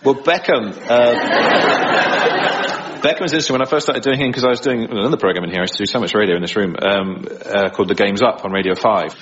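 A man's voice: lowish voice, fast talker, fairly bright tone, lo-fi sound, some chatter behind, slight background noise. A man, an impressionist, chatting in a radio studio interview, laughing often as he talks. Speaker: impressionist guest. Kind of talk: conversational interview.

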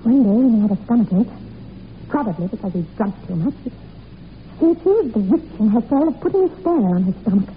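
A young woman acting in a 1940s radio drama, telling a dark family legend in an intense, breathless way. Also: on the high side, expressive, brisk, natural voice. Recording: tinny old radio recording with faint hiss.

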